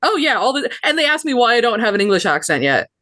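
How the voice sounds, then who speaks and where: A woman's voice: fairly high pitch, sing-song, fast, sharp tone, no room sound. A woman with an American accent, chatting casually on a podcast, explaining points frankly and patiently. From United States. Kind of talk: casual chat.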